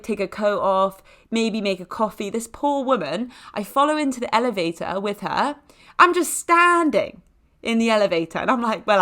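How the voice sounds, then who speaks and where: Speaking in a medium-pitched, slightly bright voice, a young woman tells a personal anecdote on her podcast. It's a chatty, casual delivery, heavy on fillers and jokey digs at herself.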